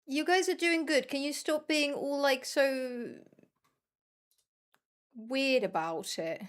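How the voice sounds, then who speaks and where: Young woman, game streamer, casual rambling commentary, swears freely, slightly high voice. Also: takes it slowly. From Netherlands. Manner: chatty, swears freely, self-deprecating, rambles to viewers. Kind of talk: casual gameplay commentary to chat.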